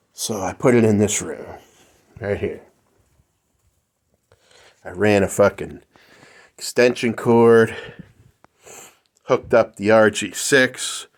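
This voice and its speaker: A man with a low voice talks very slowly, telling a rambling story. He swears freely and fills pauses with filler words, in a loose rant recorded at home. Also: a little mellow. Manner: rambling, profane, full of fillers. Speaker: vlogger. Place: home living room.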